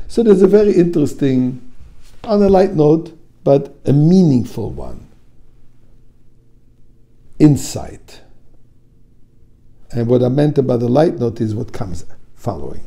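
A rabbi gives a sermon, rising and falling in pitch with lively storytelling energy. His voice is dark and mellow with a gravelly rasp, and it sits a little high for a man. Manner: animated storytelling with Hebrew and Yiddish terms.

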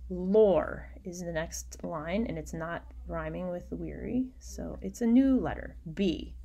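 A woman teacher giving a recorded online lecture, explaining patiently and often dropping into quiet muttering as she works. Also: fairly low pitch, takes it slowly, vocal fry.

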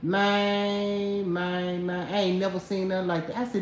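Woman, mocking trash-talk rant, lively swooping pitch, roomy echo, faint background hiss. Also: measured pace. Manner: mocking, laughing, talks directly to viewers. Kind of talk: trash-talking livestream rant. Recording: echoey room.

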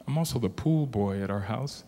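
A middle-aged man, a motivational speaker, telling a comic story to a live audience in an animated, exaggerated way with sudden yelps. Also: on the low side, a little hiss or hum.

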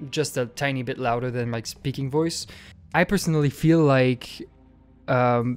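Brief: young man, casual tutorial talk, mid pitch, faint music behind. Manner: explains with many fillers and "okay?" check-ins. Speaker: vocal tutorial creator.

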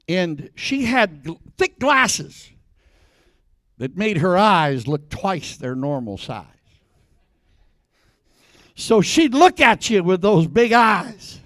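Older male pastor, folksy storyteller, high and animated, dry sound. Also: no room sound. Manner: folksy storytelling preacher, bursts into shouts. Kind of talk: sermon. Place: church.

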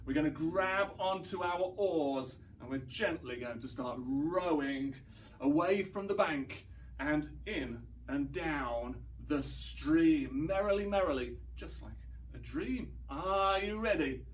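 A man leading young children through an action song, singing slowly and playfully acting out the sounds. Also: a little high, animated, distant mic, a little hiss or hum. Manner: playful, sings slowly, mimes and acts out sounds. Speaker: children's singing session leader.

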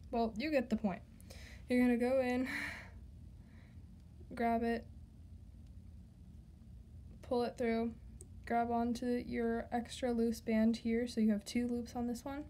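Slightly hoarse woman teaching a craft. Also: on the high side, mellow, slight background noise. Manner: chatty, talks to the viewer directly, stumbles over words. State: slightly hoarse, losing her voice. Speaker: craft tutorial host. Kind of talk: step-by-step tutorial instructions.

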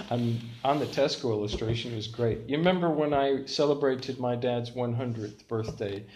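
An older man preaching a sermon as pastor, telling stories with lively, self-mocking humor. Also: medium pitch, normal speed, slight background noise.

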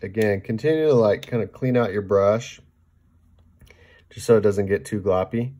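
A man giving a casual painting demonstration, chatting as he mixes paint, often checking in with "okay?" and trailing off softly mid-task. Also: lowish voice, normal speed. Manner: talks while mixing paint, trailing off softly. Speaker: painting instructor.

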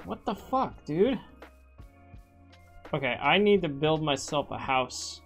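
Low-voiced woman streamer, lively and slow. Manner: jumpy, swears often, shrieks when startled. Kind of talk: casual live-stream gameplay chat. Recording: faint music behind. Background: background music.

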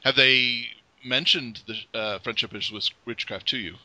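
A man hosting a casual interview, chatty and animated, with hesitant restarts. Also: mid-range voice, measured pace, no echo, low-quality recording. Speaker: podcast host.

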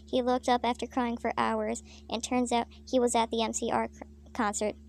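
Woman, deadpan fanfic reader, high flat voice, crude asides. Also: normal speed, creaky. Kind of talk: comic story reading.

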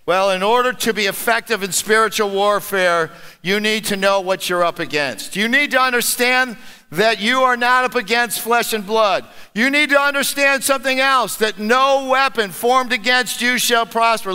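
A man preaching an energetic sermon, leading the congregation in call-and-response. His voice is high and very bright, with clear, crisp diction. It rings out in a reverberant church sanctuary. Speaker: pastor. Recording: long church hall reverb.

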